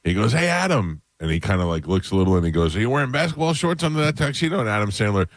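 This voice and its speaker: Low-voiced man hosting morning radio. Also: big pitch swings, rapid-fire, no room sound. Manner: loose, rambling, joking. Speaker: radio show host. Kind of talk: casual morning radio banter.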